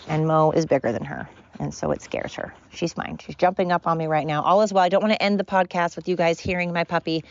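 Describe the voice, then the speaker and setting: Rambling woman podcaster, low-ish voice. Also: highs cut off. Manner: rambling, earnest, repeats herself. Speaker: podcast host. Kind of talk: casual solo podcast rambling.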